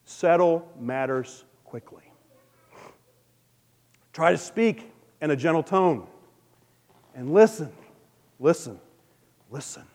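A man preaching a sermon as pastor, earnest and personal, swinging between loud emphasis and a soft, gentle hush. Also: a little high, in a large hall.

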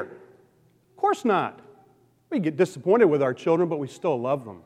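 A male pastor preaching a sermon, swinging from loud emphatic questions to soft, hushed appeals. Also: sits high, expressive, moderate pace, long reverb tail.

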